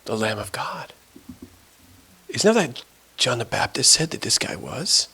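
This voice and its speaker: A man's voice: medium pitch, sing-song, creaky, pushed and bright, slightly rough, exaggerated voice. A man playing a remorseful thief on a cross. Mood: uneasy. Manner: sneering at first, then pleading and halting.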